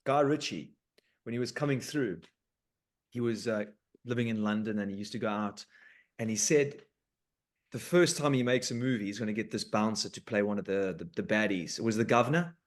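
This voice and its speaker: A man hosting a podcast in casual chat, animated and informal, with sweary banter. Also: fairly low pitch, fairly quick. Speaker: podcast host.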